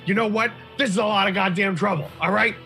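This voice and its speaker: A man's voice: high-pitched, measured pace, gravelly, soft background music, pitched above the performer's own voice, exaggerated voice. A man doing a brash, indignant tabaxi cultist impostor. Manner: blustering, shouting, swearing.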